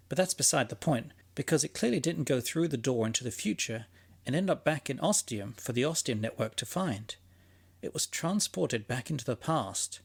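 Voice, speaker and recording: A man's voice: mid-range voice, vocal fry, slightly rough. A man hosting and narrating a fiction podcast in a scripted, conversational monologue, musing aloud with a dry, sarcastic edge.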